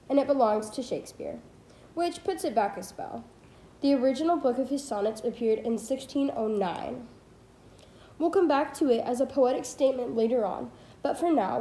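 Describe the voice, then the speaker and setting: A woman's voice: a little high, dark tone, roomy sound. A teenage girl reading a nonfiction book aloud as a homemade audiobook, careful and plain, with small slips and self-corrections. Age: teens. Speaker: student reader. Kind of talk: amateur audiobook read-aloud.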